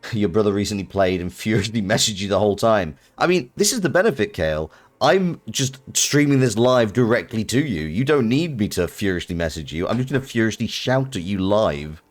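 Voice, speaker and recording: A man's voice: lowish voice, sing-song, brisk, few pauses. A British man streaming a video game live, reacting with amused laughter. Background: faint game music.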